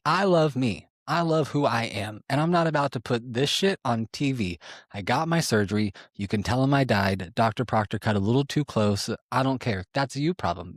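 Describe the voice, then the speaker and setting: A young man with a mid-pitched voice tells his story with sass and emphasis, cursing freely and jumping between loud bursts and low asides. The sound is close and dry, with no room echo. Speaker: podcast guest telling his story. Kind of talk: casual storytelling.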